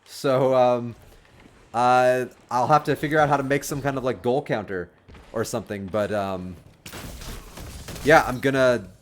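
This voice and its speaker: A man streaming a video game, chatting casually with lots of fillers and sudden excited outbursts. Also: mid-range voice, measured pace, pauses often. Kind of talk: casual livestream commentary. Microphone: desk microphone.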